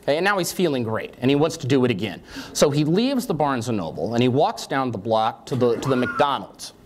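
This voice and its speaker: A man in his forties lecturing at a university, telling stories in an easy, conversational way. His pitch moves a lot, rising and falling through each sentence, from a mid-range voice. He keeps checking in with the audience. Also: lively intonation, a little fast, slight background noise. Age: 40s. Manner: conversational, frequent "okay?" check-ins. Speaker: guest lecturer. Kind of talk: storytelling lecture.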